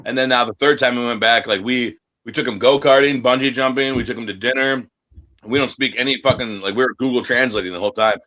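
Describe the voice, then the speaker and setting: Brief: man from the United States, mid-pitched, swears constantly, boastful storyteller, wrestler guest. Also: steady tone, quick pace, bright, forceful tone. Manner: profane, brash and boastful, acts out voices in his stories. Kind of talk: casual interview talk.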